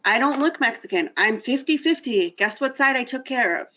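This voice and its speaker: A woman's voice: fairly high pitch, expressive, moderate pace, sharp tone, a little hiss or hum, poor audio. A woman hosting a casual discussion, talking candidly and reflectively and often restarting her thoughts. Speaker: host.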